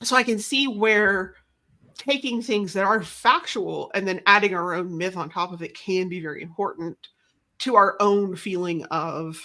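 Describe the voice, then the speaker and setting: Bright-voiced woman chatting freely. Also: medium pitch, fairly even intonation, moderate pace. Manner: rambling, self-deprecating, frequent restarts. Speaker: interview guest. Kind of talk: casual conversation.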